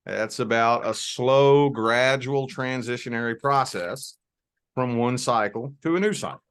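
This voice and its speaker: The voice is smooth and medium-pitched, with a measured pace and a Southern accent. It belongs to a spiritual reader from the Southern Indiana / Louisville, Kentucky area who is being interviewed as a guest. He speaks easily, often repeats words when starting, and says "you know" a lot.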